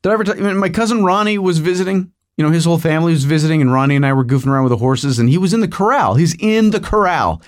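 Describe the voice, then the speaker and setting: A man's voice: on the high side, racing, hardly any pauses. A middle-aged man hosting a podcast, telling a rambling comic story with digressions and asides to the listener. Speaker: podcast host.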